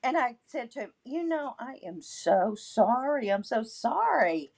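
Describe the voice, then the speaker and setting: A woman's voice: fairly high pitch, very animated, measured pace, vocal fry, darkish tone. A woman from Texas with a Texan twang, a guest moderator on a live stream, blunt and cheerfully profane with frequent laughs. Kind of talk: casual stream banter.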